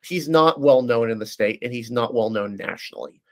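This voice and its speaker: A man's voice: medium pitch, moderate pace. A man in casual political discussion, giving detailed analysis with frequent fillers and restarts.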